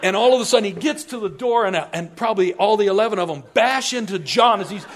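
Animated storytelling pastor, man. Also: sits high, quick pace. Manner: animated, storytelling, humorous asides. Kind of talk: sermon.

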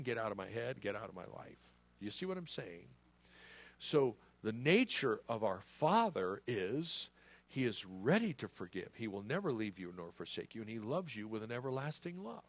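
Male preacher, low voice, earnest and emphatic sermon delivery. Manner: earnest, emphatic, acts out quoted prayers.

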